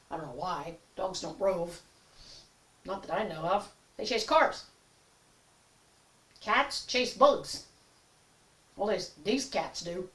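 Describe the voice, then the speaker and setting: A woman's voice: mid-range voice, a bit bright. An older woman chatting in a rambling comic monologue, acting out little voices as she goes. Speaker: comedy vlogger. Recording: echoey room, a bit far from mic.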